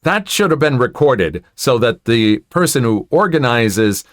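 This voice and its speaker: Expressive man narrating stories, dry sound. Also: mid-range voice, a little slow, dry recording. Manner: expressive storytelling with asides. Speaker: story narrator. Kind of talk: reading and commenting on online stories.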